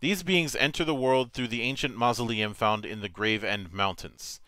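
Bright, clear-voiced man reading game rules. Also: mid-range voice, no room sound. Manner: measured, matter-of-fact reading with small stumbles. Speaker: game master.

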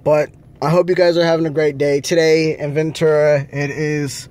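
A man's voice: fairly high pitch, level tone, normal speed, darkish tone. A man vlogging from a rental car, ranting angrily with lots of swearing. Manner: angry, profane ranting. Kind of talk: casual vlog rant.

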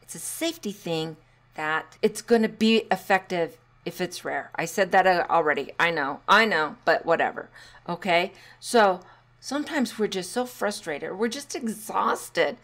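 A woman's voice: lowish voice, measured pace, fairly bright tone. A middle-aged woman hosting a casual solo podcast as a parenting coach, chatty and encouraging, with sarcastic asides.

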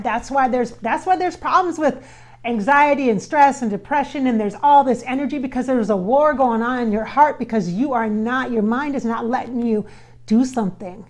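A woman in a casual channeling session, speaking with a slightly higher pitch than most women. She passes on a spirit's words in earnest, everyday language and often turns to address her viewers directly. She repeats key phrases to stress them. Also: normal speed. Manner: relays spirit's words in quotes, speaks to viewers as "you guys".

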